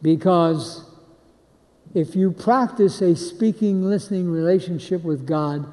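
Man, sermon, high voice, mellow tone, long hall reverb. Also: a little slow. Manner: leads the crowd in call-and-response chants. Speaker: preacher.

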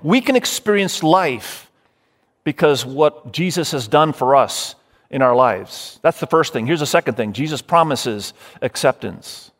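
A man's voice: a little high, animated, measured pace, fairly bright tone. Emphatic pastor, a man preaching. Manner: emphatic, builds lists, speaks straight to listeners. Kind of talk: sermon. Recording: long hall reverb.

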